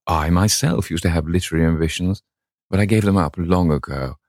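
A courteous, formal old gentleman, voiced by a man in a storybook reading, who speaks slowly and with old-fashioned politeness. The voice is very deep with a gravelly edge, recorded dry and close. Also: dry recording.

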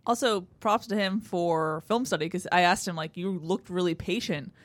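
A woman's voice: fairly low pitch, normal speed, no room sound. A woman co-hosting a sports podcast in an upbeat, chatty manner. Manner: upbeat, laughs often. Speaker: podcast co-host. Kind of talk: casual sports chat.

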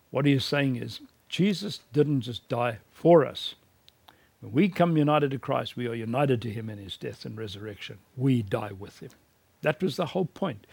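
A man's voice: mid-range voice, gravelly, breathy edge, dry recording. A man from Africa, giving a recorded teaching lecture in an earnest, emphatic preaching cadence. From South Africa.

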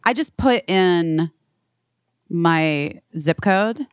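A woman's voice: lowish voice, animated, drawn-out words, smooth, no echo, studio quality. A woman chatting casually over a video call, rambling and swearing freely. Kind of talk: casual chat.

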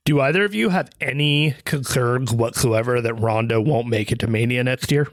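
A man hosting a casual wrestling discussion who puts questions to his panel in a measured tone. His voice is at a middle pitch and sounds dry and close, with no room echo.

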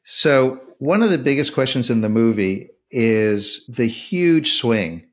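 A man's voice: mid-range voice, lively intonation, slow pace. A man hosting a casual film discussion, asking questions and retelling scenes with energy. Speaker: podcast host.

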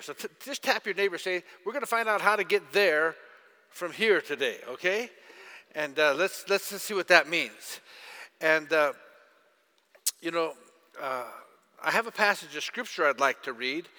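A man's voice: fairly high pitch, sharp tone, in a large hall. A man preaching a sermon, telling stories and putting questions to the congregation. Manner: storytelling, asks audience questions. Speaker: pastor.

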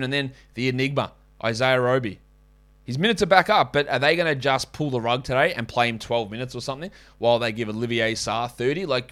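A man hosting a fantasy basketball podcast, talking casually with quick asides and self-corrections. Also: mid-range voice, a bit bright. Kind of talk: casual podcast talk with ad reads.

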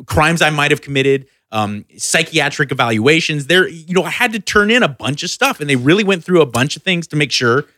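A man's voice: a little high, expressive, brisk, hardly any pauses, bright, forceful tone, no echo, clean studio sound. A man co-hosting a casual podcast chat, giving earnest opinions and swearing casually.

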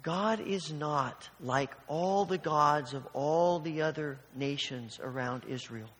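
Guy preaching a sermon, kinda high voice, chatty storyteller, big echoey church hall. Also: takes it slowly, fairly bright tone. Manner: storytelling with acted-out voices, conversational. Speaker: pastor.

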